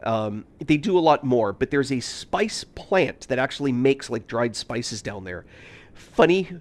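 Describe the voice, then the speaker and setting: A man from the United States chatting casually on a game stream, telling stories with lots of fillers and frequent laughs. His voice sits at an ordinary pitch for a man. It swings widely in melody. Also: animated, a little slow. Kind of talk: casual storytelling while gaming.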